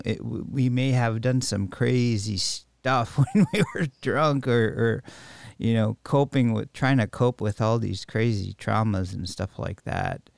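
A man hosting a reflective conversation about recovery, speaking haltingly with many restarts and fillers. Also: mid-range voice, creaky, no room sound.

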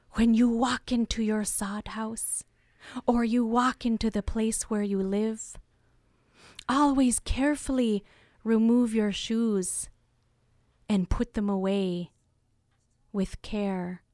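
Slow whispering woman storyteller. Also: medium pitch, a little mellow, no room sound, studio quality. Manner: slow, deliberate, dropping to whispers for suspense. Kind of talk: oral folktale narration.

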